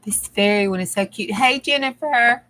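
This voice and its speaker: Her voice sits on the high side, bright and forceful, at a normal speed. She's a middle-aged woman with a Southern US accent hosting a crafting channel, chatting casually with her livestream viewers and laughing a lot.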